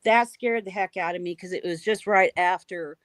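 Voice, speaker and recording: A woman guest recounting a frightening encounter in an animated, emphatic way, repeating key phrases. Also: on the low side, moderate pace, no echo. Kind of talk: emotional storytelling.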